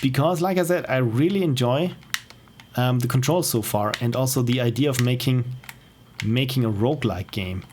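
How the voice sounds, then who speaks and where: A man's voice: medium pitch, moderate pace, darkish tone, a little hiss or hum. A man with an Austrian accent streaming indie games, thinking aloud with curious questions as he plays. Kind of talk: live gameplay commentary. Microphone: wearing headphones.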